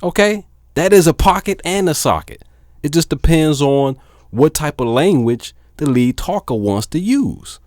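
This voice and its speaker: A man, a DJ talking casually to his viewers, filling pauses with "um", then turning animated and emphatic. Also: on the high side, soft background music. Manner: laid-back with many fillers, then animated and emphatic. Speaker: DJ and vlogger. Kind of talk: casual talk to camera.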